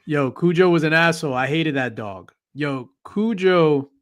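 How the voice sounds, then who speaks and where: A man hosting a casual pop culture panel chat, joking and bantering loudly with his guests. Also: a little high, moderate pace. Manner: joking, loud and playful banter. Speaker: podcast host.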